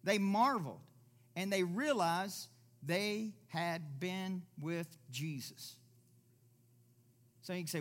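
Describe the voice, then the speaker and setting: A man delivers a sermon at a church service, his voice sitting a little higher than most men's. He preaches emphatically, stacking rhetorical questions and answering them himself. He slips into other voices to act out the people he quotes. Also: lively intonation, slow, fairly bright tone.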